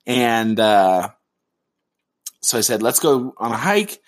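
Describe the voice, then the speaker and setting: A man's voice: medium pitch, animated, unhurried. Joking man co-hosting a podcast. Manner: joking, storytelling. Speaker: podcast co-host. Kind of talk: casual chat.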